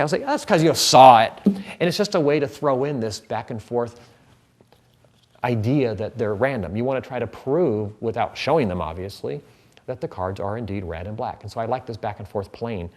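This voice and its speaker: A man of middle pitch talks through a card trick step by step, showing each move as he goes. His delivery is loose and conversational, like a magician sharing secrets with a friend. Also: a little mellow. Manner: chatty, explains while handling cards. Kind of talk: casual demonstration tutorial.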